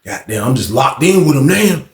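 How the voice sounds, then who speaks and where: A man's voice: medium pitch, sing-song, moderate pace, roomy sound, far from the mic. A man voicing a fellow male inmate who talks in slang and keeps repeating "bro" and "man". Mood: low-key. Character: fellow male inmate, boastful, street-talking.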